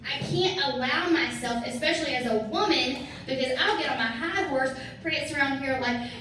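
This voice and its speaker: A woman gives a motivational talk to her team, pressing her points and repeating lines for emphasis. Her voice sits a little high and is picked up from a distance. The sound rings in a very echoey room with faint noise. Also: moderate pace, pushed and bright. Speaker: sales team partner speaking to her team. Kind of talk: motivational talk to a live audience.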